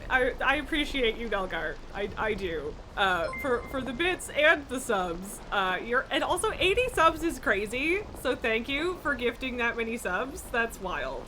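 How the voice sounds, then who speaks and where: A woman streamer with a high, bright voice that swings all over. She talks in an unhurried way, breaking into laughter and cursing at her pet as she chats live from her home setup. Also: slight background noise. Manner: laughs often, swears and scolds her pet. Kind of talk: casual live-stream chat. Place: home streaming room with acoustic foam.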